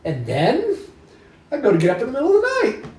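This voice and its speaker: A man's voice: very high-pitched, quick pace. A middle-aged man, a homeowner telling a story in an interview. He acts out what he said back then and swears freely. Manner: animated, acts out his own past lines, swears freely. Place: inside a house. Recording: roomy sound from a distant mic.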